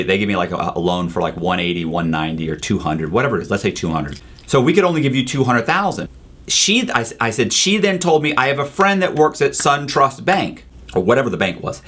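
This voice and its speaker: A husky-voiced man in casual conversation, narrating a story with lots of energy and profanity. He slips into other people's voices as he quotes them and keeps calling his listener "bro." His pitch sits at an ordinary middle level for a man. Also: a bit bright. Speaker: interview guest, former con man.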